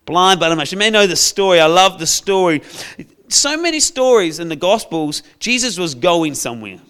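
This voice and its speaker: A male preacher tells a Bible story in a playful, storytelling manner. His voice sits fairly high for a man. The tone is smooth and clear. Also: big pitch swings, moderate pace. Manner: storytelling, playful, acts out characters with shouts. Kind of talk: sermon.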